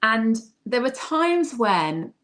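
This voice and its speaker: A woman's voice: a little high, big pitch swings, slow, fairly bright tone. A woman co-hosting a casual discussion, speaking candidly and emphatically. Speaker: co-host.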